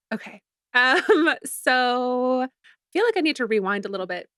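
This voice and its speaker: A woman's voice: high-pitched, very animated, measured pace, bright, forceful tone, clean tone, dry recording, clean studio sound. A woman in her thirties from Canada, a film producer and director chatting as a guest and filling her talk with "like" and "um". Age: 30s. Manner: chatty, many fillers like "like" and "um". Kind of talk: casual interview chat.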